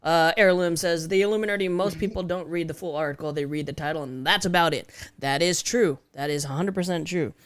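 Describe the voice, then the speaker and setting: Co-host, frustrated and blunt, reads super chats, dry close sound. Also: male voice, on the high side, fairly quick, few pauses, a bit bright, clean tone, no room sound. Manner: frustrated, swears, reads viewer comments. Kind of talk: casual podcast chat.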